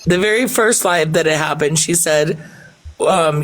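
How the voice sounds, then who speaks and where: A man's voice: on the high side, a bit bright, low-quality recording. Blunt, profane man on a livestream. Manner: blunt, profane, fast when angry. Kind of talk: heated casual chat on a group livestream.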